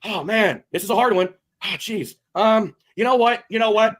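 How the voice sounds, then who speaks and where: A man streaming a crude, mocking rant with sudden shouting bursts. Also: high voice, normal speed. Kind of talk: ranting livestream commentary.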